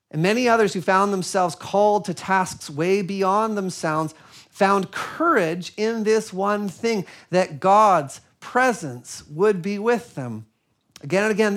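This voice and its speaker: Earnest, slow-speaking male pastor. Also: sits high. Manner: earnest, reflective, soft-spoken storytelling. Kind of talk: sermon.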